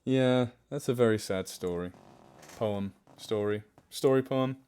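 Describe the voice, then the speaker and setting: A man's voice: medium pitch, measured pace, darkish tone, clean tone. A young man hosting a livestream, chatting casually with viewers, joking about himself and answering their questions. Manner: chatty, self-mocking, answers chat questions. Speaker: livestream host.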